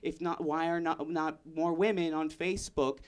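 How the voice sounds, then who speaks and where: A young man performing a stand-up comedy set, rambling and self-interrupting, bursting into shouted character bits. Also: a little high, steady tone, moderate pace, clean tone. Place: comedy room with live audience.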